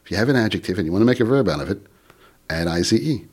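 A man with a Philadelphia accent, a guest author on a radio interview, explaining lively and playfully, trailing off and restarting. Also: fairly low pitch, racing, breathy edge.

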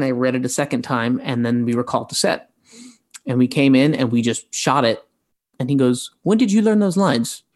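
A man in his forties, an actor being interviewed, talking loosely with many fillers and restarts. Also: mid-range voice. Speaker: actor guest. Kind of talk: relaxed interview talk.

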